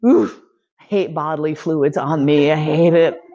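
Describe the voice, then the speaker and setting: A woman's voice: deep voice, fairly even intonation, a little slow, mellow, muffled recording. A woman from New York City hosting a podcast lecture, telling a story in casual, profane talk and laughing often. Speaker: podcast host giving a lecture.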